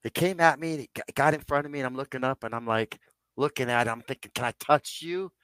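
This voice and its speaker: A man's voice: mid-range voice, fast talker, a bit bright, smooth. A man in his sixties, a podcast guest, telling a personal story in a rambling way and calling his listeners "guys". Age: 60s.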